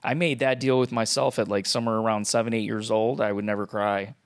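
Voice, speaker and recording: A man's voice: on the low side, little pitch movement, quick pace, clean tone. A man hosting an interview, talking supportively with frequent affirmations and a few stammered restarts. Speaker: podcast host. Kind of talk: casual interview chat.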